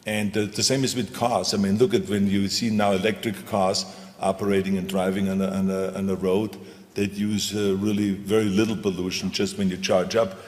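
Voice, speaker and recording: A man's voice: deep voice, flat delivery, normal speed, a little mellow. A man speaking on a panel in an emphatic, repetitive, motivational way. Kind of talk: stage panel talk. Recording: reverberant hall.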